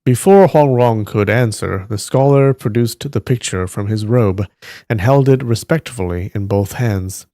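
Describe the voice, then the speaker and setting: A man on a live stream reading a novel aloud at a steady pace, stopping now and then to react to the story. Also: fairly low pitch, measured pace, dry recording, clean studio sound.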